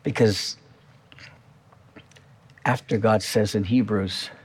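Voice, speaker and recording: A man's voice: on the low side, steady tone, slow pace, breathy edge. A male pastor preaching a sermon in a church, talking to the congregation in a conversational way and repeating key phrases.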